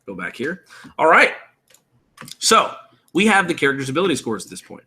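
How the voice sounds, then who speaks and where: Bright, casual male host in his thirties; explains rules to a live chat. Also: a little high, big pitch swings, fairly quick. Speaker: tabletop game host. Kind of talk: live-streamed tutorial chat.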